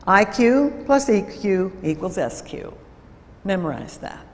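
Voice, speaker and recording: A woman lecturing in a church, measured and instructive, pausing to let points land. Her mid-pitched voice moves at an unhurried pace. A long reverb from the hall trails each phrase. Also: lively intonation. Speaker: speaker at a church program. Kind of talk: lecture-style talk with anecdotes.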